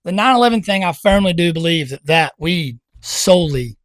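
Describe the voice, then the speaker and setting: A man's voice: sits high, animated, normal speed, fairly bright tone, no echo. A man co-hosting a casual podcast who talks bluntly and loosely, swears freely, and often cuts in over his partner. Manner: blunt, loose and profane, jumps in over others. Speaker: podcast co-host. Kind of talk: casual chat.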